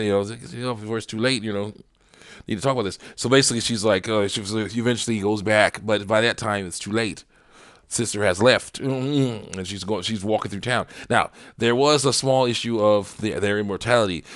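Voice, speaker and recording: A man's voice: lowish voice, a bit bright, no room sound, clean studio sound. A man giving a casual cartoon review, rambling with lots of fillers and chuckles.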